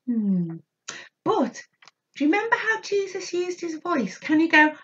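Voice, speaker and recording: A woman with a high, very lively voice tells a story to small children, unhurried and sing-song. Her tone is bright, and the recording sounds a little dull and lo-fi. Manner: animated, sing-song, inviting children to join in. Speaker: children's church leader.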